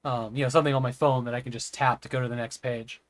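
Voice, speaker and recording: A man's voice: mid-range voice, flat delivery, quick pace, dry recording. A man streaming a game live, rambling and chatting with viewers, sometimes stammering over words. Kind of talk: live gameplay stream chat.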